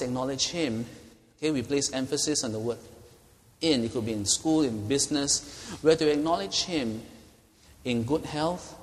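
A middle-aged man, teaching a Bible study as pastor in a conversational way, often checking in with "okay?". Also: mid-range voice. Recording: long hall reverb.

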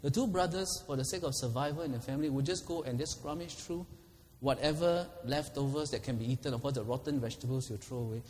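A man's voice: mid-range voice, fast talker, darkish tone, big-room sound, a little hiss or hum. A man preaching a sermon, laughing often and acting out quoted prayers.

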